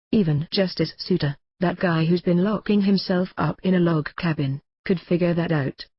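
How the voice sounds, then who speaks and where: A man's voice: high-pitched, slightly rough, dull audio. A man reading his own memoir as audiobook narration, in a brash, mocking and combative rant. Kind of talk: audiobook narration in a ranting radio voice.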